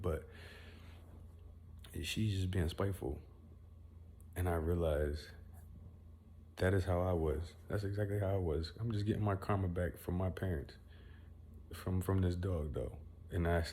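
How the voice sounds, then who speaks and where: A man's voice: sits low, warm tone, a little hiss or hum. A young man venting at home to his followers in a rambling, boastful, profane monologue. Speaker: vlogger.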